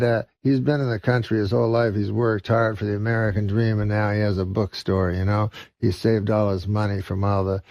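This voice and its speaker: Gravelly deadpan man telling a long joke. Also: on the low side, no room sound, lo-fi sound. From Canada. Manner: halting, deadpan, many uhs. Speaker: comedian guest.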